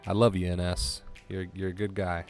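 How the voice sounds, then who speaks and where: A man's voice: low voice, flat delivery, normal speed, soft background music. A man streaming live, chatting casually and thanking viewers with effusive emotion, his voice breaking at times. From US East Coast.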